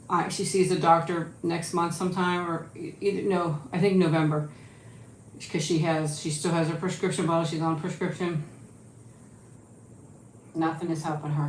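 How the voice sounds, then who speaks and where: Woman, home livestream host, lowish voice, rambly casual chat, echoey room. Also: slight background noise. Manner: chatty, rambling, coaxing her dog in a sing-song voice. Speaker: YouTube channel host.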